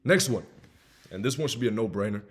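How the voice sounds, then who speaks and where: A young man in his twenties with a faint Southern US accent, talking earnestly to camera as a self-improvement host. He is emphatic and repetitive, swinging between loud urging and quiet confession. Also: on the low side, lively intonation, fast talker, husky. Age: 20s. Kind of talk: earnest personal monologue.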